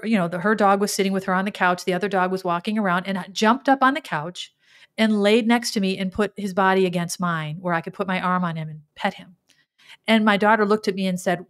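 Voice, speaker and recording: A middle-aged woman hosting a podcast, talking in an earnest, emotional way in a reflective spiritual monologue, often restarting her words. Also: medium pitch. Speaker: podcast host.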